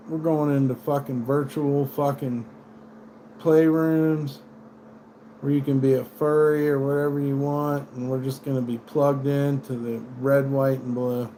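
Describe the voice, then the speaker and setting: A man's voice: mid-range voice, level tone, takes it slowly, pauses often, warm tone, a little hiss or hum. Profane, rambling American man streaming. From United States. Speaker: livestream host. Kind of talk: rambling livestream rant.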